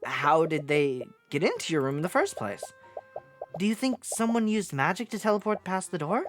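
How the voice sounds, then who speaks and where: An earnest young male attorney from a visual novel game, read by a woman. He questions people in a measured, inquisitive way. His voice rises and falls widely. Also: fairly low pitch, big pitch swings, soft background music. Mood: questioning. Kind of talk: voicing a visual novel character.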